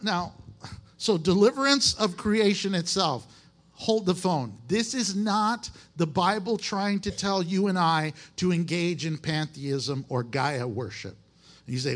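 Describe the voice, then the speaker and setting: High-voiced man preaching a folksy sermon. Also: unhurried. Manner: emphatic and folksy, with restarts. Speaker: pastor. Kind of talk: conversational sermon.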